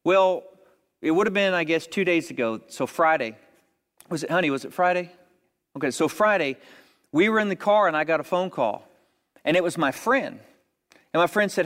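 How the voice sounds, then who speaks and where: A man with a somewhat high voice preaches to a congregation, telling his story like a chat with friends before building to emphatic appeals. His words ring out with the long reverb of a large church hall. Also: lively intonation, moderate pace, long pauses, a bit bright. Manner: conversational, rising to emphatic exhortation. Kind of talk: sermon storytelling.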